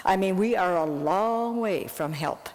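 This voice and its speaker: A woman missionary telling a lively story to an audience, her voice jumping up when she recounts her anger. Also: medium pitch, a little slow, in a large hall. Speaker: missionary Bible translator.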